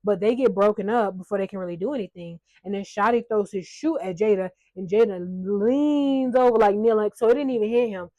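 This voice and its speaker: A woman's voice: medium pitch, a little fast, hardly any pauses, mellow, no room sound, lo-fi sound. A woman giving a casual reality-show recap, chatty, blunt and sarcastic, swearing freely. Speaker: recap vlogger.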